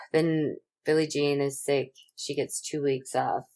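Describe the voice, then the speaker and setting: A woman with a low, deep voice talks her way through a movie recap as a podcast co-host. She tells it with energy and drops casual swears along the way. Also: slow. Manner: animated retelling, swears freely. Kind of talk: casual chat recapping a film.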